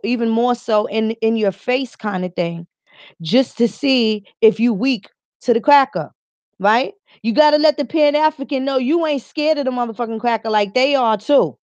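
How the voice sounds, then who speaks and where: A woman's voice: a little high, no echo. A woman hosting a livestream, talking in an emphatic, rambling, heavily profane monologue. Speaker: livestream host.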